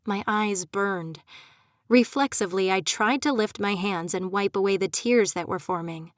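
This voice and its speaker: A woman's voice: medium pitch, no room sound. A young adult woman reads a first-person audiobook with a mid-range voice, emotive and often pleading and desperate in dialogue. The sound is dry and close, with no room around it. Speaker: audiobook narrator.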